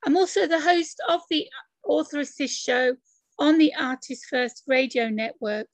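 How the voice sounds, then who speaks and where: A woman's voice: sits high, unhurried, no echo. A woman hosting a podcast, chatty and friendly, with plenty of filler words. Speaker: podcast host. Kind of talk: casual interview chat.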